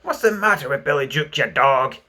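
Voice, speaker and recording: A man's voice: expressive, a little fast. A man doing a purring, menacing pirate captain. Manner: purring, mock-courteous menace, louder and higher. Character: menacing, silkily cruel male pirate captain. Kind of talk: audiobook reading.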